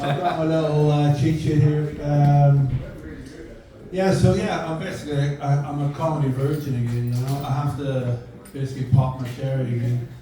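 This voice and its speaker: A young Irish comedian whose accent leans half American, talking in a flat, deadpan ramble full of fillers. His voice sits a bit high for a man and rings through an echoey club, picked up from some distance. A crowd murmurs and laughs behind him. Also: normal speed. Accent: mixed Irish and American. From Ireland. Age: young adult. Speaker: stand-up comedian. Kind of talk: stand-up comedy set. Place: comedy venue. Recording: echoey room, mic from a distance, audience. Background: audience laughter.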